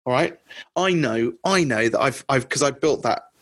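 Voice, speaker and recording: A man's voice: medium pitch, expressive, moderate pace, a bit bright, dry recording. A middle-aged man coaching business owners on a group call, in a conversational way that keeps checking in with the listeners. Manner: conversational, often checks in with "okay?".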